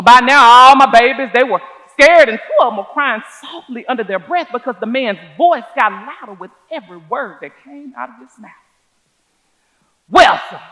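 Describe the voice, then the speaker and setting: An actress in a one-woman stage show, playing a proud older schoolteacher from who tells her story in a measured, folksy way. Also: fairly high pitch, pushed and bright, low-quality recording. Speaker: stage performer. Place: theater stage.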